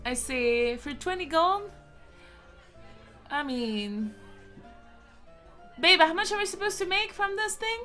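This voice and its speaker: Lively bright woman playing a tabletop game. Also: extremely high pitch, slow, long pauses, soft background music. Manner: lively, swearing, haggling in character. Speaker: player.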